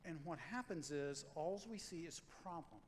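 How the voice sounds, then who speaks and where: A middle-aged man preaching a sermon as pastor, lively and joking, repeating lines for emphasis. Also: a little high, normal speed. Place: church sanctuary. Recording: long hall reverb, faint room noise.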